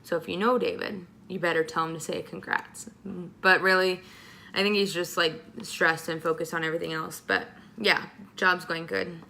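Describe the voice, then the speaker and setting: A woman's voice: on the low side, level tone, moderate pace, bright, forceful tone. A young pregnant woman answering viewer questions in a casual vlog, talking with lots of ums and likes. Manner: chatty, many ums and likes. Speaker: vlogger.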